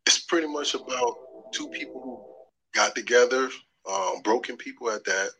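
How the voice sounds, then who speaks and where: A man speaking as a podcast guest in a studio, slow and measured, with pauses between phrases. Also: medium pitch, bright, forceful tone, a little hiss or hum, low-quality recording. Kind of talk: conversation.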